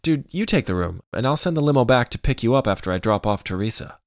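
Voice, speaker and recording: A man's voice: medium pitch, animated, fast, no room sound, studio quality, voice pushed up, close to an everyday voice. Man voicing a hesitant young guy. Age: young adult. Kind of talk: audiobook character voice.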